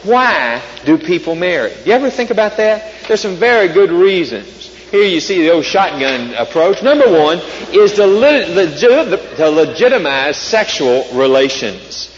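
A man on stage at a conference, joking and conversational, who keeps asking the audience questions. His voice sits a bit high and echoes through a large hall, with a dull sound and a faint hiss. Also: big pitch swings, normal speed, hardly any pauses. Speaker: conference speaker. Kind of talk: humorous talk to a live audience. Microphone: stage microphone.

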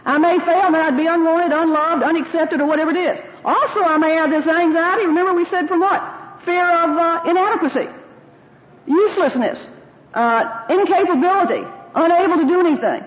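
A middle-aged woman with a high voice teaches a women's group, folksy and personal, slipping into her own remembered prayers. The recording is dull and lo-fi, with a long reverb from a large room. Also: a little fast. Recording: dull, roomy hall sound.

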